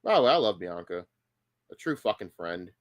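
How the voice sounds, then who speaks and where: A man on a home livestream reacts with furious, foul-mouthed indignation, swinging widely from low mutters to abrupt high yells. He talks briskly, stumbling and restarting his sentences as his anger builds.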